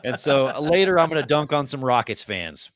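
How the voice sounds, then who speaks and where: A man's voice: medium pitch, big pitch swings, brisk, no room sound, studio quality. A man co-hosting a sports podcast, chatting casually and agreeing in a playful way. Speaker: podcast co-host.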